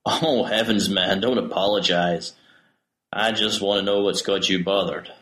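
A man's voice: sits low, fairly even intonation, measured pace, fairly bright tone, roomy sound. A man voicing a jovial young teacher with a Southern American drawl.

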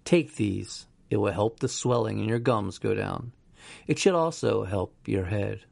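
Man voicing a young nurse, reassuring, patient, low voice, dry. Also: unhurried, creaky, a little mellow, dry recording, exaggerated voice. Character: calm young male nurse.

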